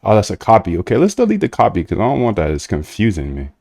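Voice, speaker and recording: A young man live-streaming while coding a trading bot, chatting casually with viewers in slangy banter, sometimes flat and monotone, sometimes lively. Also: fairly low pitch, fast talker, vocal fry. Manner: laid-back slangy banter with chat, shifts between flat monotone and lively bursts.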